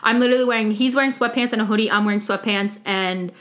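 A young woman co-hosts a podcast in a casual chat, her voice bright and a little high. She tells her story in an excitable, gushing way, acting out the lines people said. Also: quick pace. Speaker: podcast co-host.

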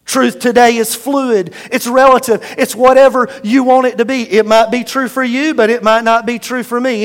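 High-voiced man preaching in a hall. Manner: emphatic preaching with call-and-response. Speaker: pastor. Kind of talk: sermon.

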